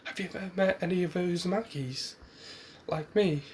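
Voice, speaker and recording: A man's voice: high voice, moderate pace, a little hiss or hum, close to an everyday voice. A man voicing a young male ninja, earnest and lonely, in his own plain speaking voice as he retells a fan story. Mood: wistful.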